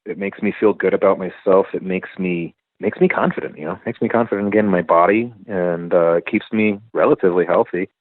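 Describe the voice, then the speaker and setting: Forties man, guest, salty storyteller; lowish voice, dry phone-line audio. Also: a little fast, few pauses, dry recording. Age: 40s. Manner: profane, vivid storytelling. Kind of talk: casual storytelling.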